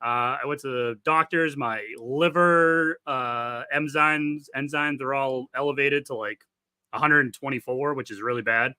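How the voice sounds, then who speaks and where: A man's voice: mid-range voice, fairly even intonation, a little slow, bright, forceful tone, smooth, no echo. A man co-hosting a casual sports podcast, ranting indignantly and swearing freely. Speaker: podcast co-host.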